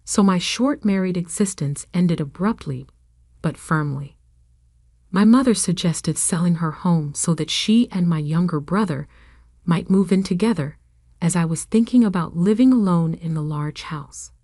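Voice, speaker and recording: A woman with a lowish voice reads a first-person story aloud. Her delivery is even and steady. The sound is dry and close, with no room echo. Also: normal speed. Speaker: narrator.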